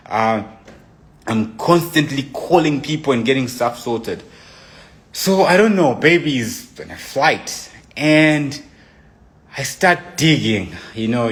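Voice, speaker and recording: A young man giving an emotional personal account, animated, acting out his own messages as he retells them. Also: mid-range voice. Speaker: storyteller.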